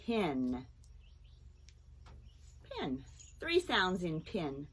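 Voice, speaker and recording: A woman teacher giving a children's phonics lesson, speaking clearly and encouragingly and breaking into song with the kids. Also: on the low side, wildly swooping pitch, very slow, slight background noise.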